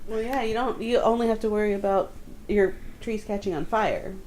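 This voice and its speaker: A woman's voice: medium pitch, moderate pace, a little mellow, slight background noise, poor audio. A woman on a casual podcast chat, dropping dry, wry remarks.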